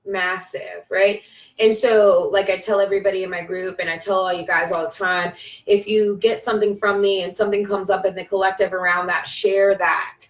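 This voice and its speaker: A woman delivers a casual spiritual pep talk on a live stream. She is emphatic and repeats herself, breaking into cheers and swearing. Her voice sits at a middling pitch and sounds distant, in a roomy, echoing space. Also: flat delivery, fairly quick. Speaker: spiritual life coach on a live video.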